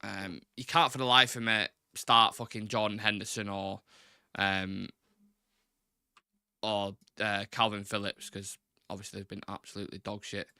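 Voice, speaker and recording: Chatty man, bright dry voice. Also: lowish voice, level tone, normal speed, clean tone, no room sound. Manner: chatty, swears a lot, gets flustered with tech. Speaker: football podcast host. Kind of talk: casual solo chat show.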